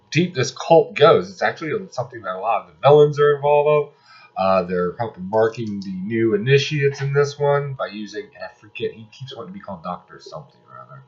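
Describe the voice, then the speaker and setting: A man's voice: lowish voice, animated, brisk, slightly rough. A man casually reviewing comic books, ranting sarcastically and exasperatedly about the ones he dislikes. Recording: slightly dull lo-fi audio.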